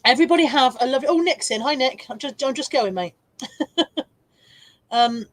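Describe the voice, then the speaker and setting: A woman's voice: animated, moderate pace, no room sound, poor audio. A woman hosting a casual live stream from home, reading viewer comments aloud and laughing easily. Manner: high baby-talk voice to her dog.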